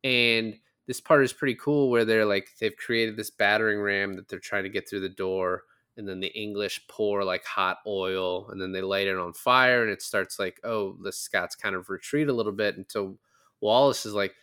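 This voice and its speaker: A man co-hosting a podcast casually recaps a film, rambling and laughing as he retells its scenes. His voice is lowish, bright, forceful, clear and resonant, with fairly even intonation and a moderate pace.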